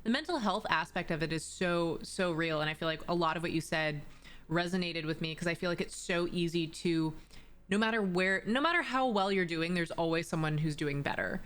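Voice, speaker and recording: A woman hosting a podcast, chatting in a relaxed, sympathetic way with casual swearing. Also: fairly low pitch, brisk. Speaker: podcast host. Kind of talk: casual interview chat.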